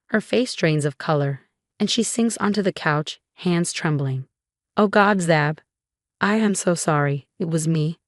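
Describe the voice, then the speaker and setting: Woman narrator for a first-person family drama, lower voice, dry close sound, does all the dialogue herself. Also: no echo. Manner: reads other characters' lines in her own voice.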